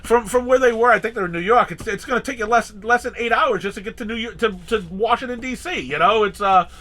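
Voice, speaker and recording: Chatty man with a bright voice. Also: sits high, quick pace. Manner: rambling, with many restarts and acted-out quotes. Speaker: comic shop owner and podcast host. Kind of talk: casual chat.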